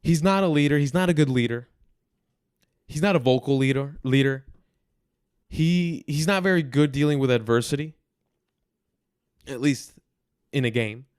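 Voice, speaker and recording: Young male podcast host, mid-pitched, blunt football rants, crisp voice, dry close sound. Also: normal speed, long pauses, darkish tone, no room sound. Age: 20s. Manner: frustrated, blunt, repeating himself for emphasis. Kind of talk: football commentary monologue.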